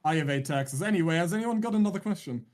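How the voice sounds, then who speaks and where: A man's voice: fairly high pitch, quick pace. Joking man casting a stream. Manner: teasing, deadpan jokes, rambling restarts. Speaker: esports caster. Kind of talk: casual live-stream banter.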